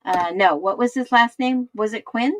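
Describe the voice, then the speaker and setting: A woman's voice: fairly high pitch, normal speed, a little hiss or hum, low-quality recording. A woman hosting a casual livestream, thinking aloud and looking things up as she reads viewers' comments. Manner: thinks aloud, searching while she talks. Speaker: livestream host.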